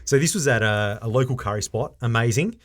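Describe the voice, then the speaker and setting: A man co-hosting a casual podcast, who laughs often and acts out quotes in a raised, animated voice. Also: medium pitch, a little fast. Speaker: podcast co-host.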